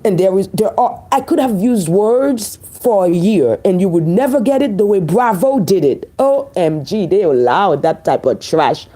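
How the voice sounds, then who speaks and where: A woman from Haiti with a Haitian accent, giving an emphatic, preachy opinion commentary and repeating key phrases slowly for weight. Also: medium pitch, expressive, warm tone.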